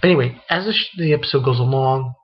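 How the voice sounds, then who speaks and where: A man's voice: medium pitch, quick pace, breathy edge. A man giving a casual, rambling spoken recap of an anime episode, full of fillers and swearing. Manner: rambling, loose, swears a lot, many fillers. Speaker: anime reviewer. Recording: dull lo-fi recording.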